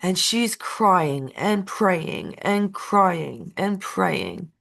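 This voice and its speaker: A woman's voice: on the low side, very animated, extremely slow, creaky, fairly bright tone. A woman co-hosting a casual chat who tells a story with emotional repetition and an uneven pace. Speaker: co-host.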